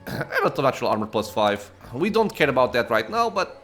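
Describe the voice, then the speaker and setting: A man hosting a let's play, reading the game's story text aloud with casual asides and quick self-corrections. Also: mid-range voice, very animated, fairly bright tone, soft background music.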